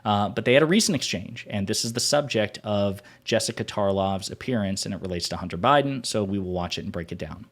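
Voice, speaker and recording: A man's voice: on the low side, fairly quick, hardly any pauses. A man hosting a political commentary show, arguing his points emphatically and repeating them for stress.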